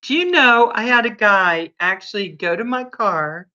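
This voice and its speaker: A chatty woman hosts a casual livestream, greeting viewers by name and telling little stories. Her voice is bright and forward. The recording sounds dull and lo-fi. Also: mid-range voice, expressive, moderate pace. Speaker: livestream host.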